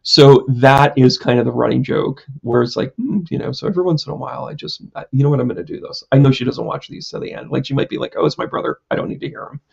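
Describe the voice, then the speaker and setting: A man's voice: mid-range voice, steady tone, fast talker, vocal fry, hardly any pauses, breathy edge, dull audio. A man, a psychic medium, chatting casually on a live stream, rambling through a story with lots of fillers and self-mocking jokes.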